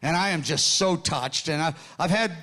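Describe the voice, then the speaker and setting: Older guy w a high voice telling preachy stories, eager, keeps restarting his sentences. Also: moderate pace. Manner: excited, earnest storytelling with frequent restarts. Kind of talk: sermon storytelling.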